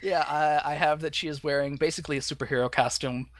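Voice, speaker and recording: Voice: mid-range voice, steady tone, quick pace, a little hiss or hum. A podcast co-host in casual chat, loose and sarcastic, swearing freely. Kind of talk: casual chat recapping a cartoon.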